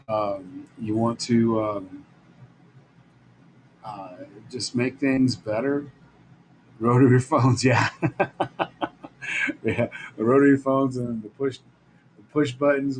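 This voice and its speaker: A man's voice: medium pitch, a little hiss or hum, poor audio. A middle-aged man hosting a live stream, telling blunt, rambling stories in a casual way and laughing often. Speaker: live show host. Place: Las Vegas.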